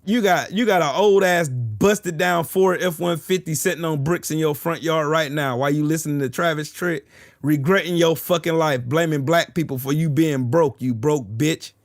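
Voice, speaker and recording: A man's voice: a little high, moderate pace, no echo. A man with a slightly raised voice, heckling an opponent on a stream. He taunts, mocks and brags, with lots of profanity and the same jabs said again and again. His voice sounds dry and close, with no room around it. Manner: profane, boastful. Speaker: streamer arguing with chat. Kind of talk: livestream trash talk.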